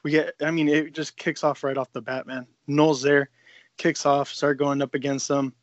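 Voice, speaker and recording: A man co-hosting a podcast, excitedly recapping a comic story in casual chat, swearing freely and rambling. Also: on the high side, moderate pace, no room sound, lo-fi sound. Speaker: podcast co-host.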